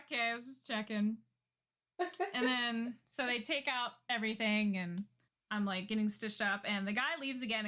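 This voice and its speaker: A woman co-hosting a podcast, telling stories in casual chat with an animated manner and frequent laughter. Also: a little high. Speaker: podcast co-host.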